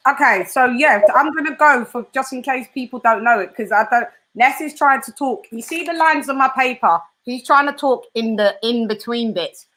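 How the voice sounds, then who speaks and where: Casting: woman host, high bright voice, animated chatter, quick laughs. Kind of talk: casual live-stream chat.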